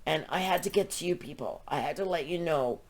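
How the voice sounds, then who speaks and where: A woman's voice: low voice, brisk, darkish tone. A middle-aged woman hosting a crochet podcast, talking emotionally and rambling as she thanks her viewers. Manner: emotional, gushing, rambling with restarts. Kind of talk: heartfelt thank-you talk to viewers.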